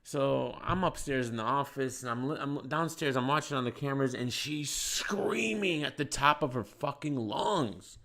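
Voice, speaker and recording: A man telling a story in casual podcast chat, animated and profane, getting loud when he acts out shouting. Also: a little high, normal speed. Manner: profane, slangy. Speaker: podcast host.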